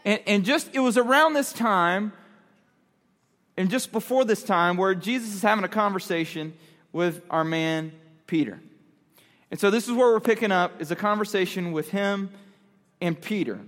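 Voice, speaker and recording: High-voiced man preaching to youth. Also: normal speed, pauses often, a bit bright. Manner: conversational, asks the audience questions. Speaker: youth pastor. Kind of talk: youth sermon. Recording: long hall reverb.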